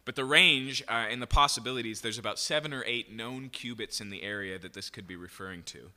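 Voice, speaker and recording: A man's voice: medium pitch, brisk, pushed and bright. A man teaching through a Bible passage in sermon style, explaining step by step and often checking in with "okay?". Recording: long hall reverb.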